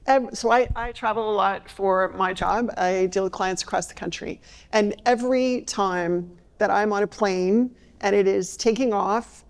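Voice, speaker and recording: A woman's voice: medium pitch, vocal fry, darkish tone. A woman answering on a conference panel, hesitant, with many fillers and restarts. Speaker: panelist, consultant.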